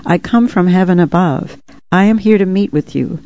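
A woman voicing a calm, wise male white dove that speaks as a spiritual messenger, matter-of-fact and gently solemn. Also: on the low side, normal speed, lo-fi sound, close to an everyday voice.

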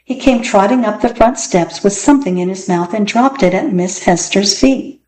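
A woman reading children's picture books aloud as a storyteller, gently and clearly, giving the characters' lines a little voice. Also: mid-range voice, moderate pace, hardly any pauses. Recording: roomy echo, faint room noise.

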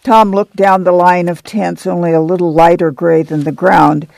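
A man reading a novel aloud in even, descriptive narration. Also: high voice, normal speed, vocal fry, no room sound, rough recording. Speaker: audiobook reader.

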